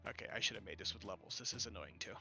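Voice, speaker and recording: Bright-voiced man running a tabletop game. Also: on the low side, racing, vocal fry, faint music behind. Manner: relaxed, mutters to himself while moving tokens. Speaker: game master. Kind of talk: narrating a tabletop game online.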